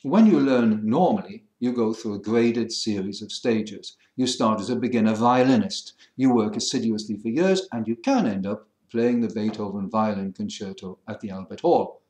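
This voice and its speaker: A middle-aged man with a middle-class educated English accent, explaining things in a measured, wry teaching manner. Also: on the low side, a little mellow, echoey room. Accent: standard English, middle-class educated. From England. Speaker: French listening teacher. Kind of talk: lecture to camera.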